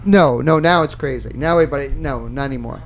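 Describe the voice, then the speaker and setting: A man with a New Jersey accent hosting a talk show, teasing his guests in playful, loud banter. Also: medium pitch, fast talker, a little hiss or hum. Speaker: radio talk show host. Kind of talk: joking interview banter.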